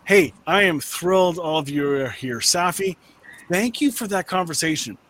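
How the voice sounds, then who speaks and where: A man hosting an online panel by video call, effusive and warm in his praise, often saying "oh my goodness" and laughing. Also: sits high, expressive, normal speed, a little hiss or hum. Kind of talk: casual chat.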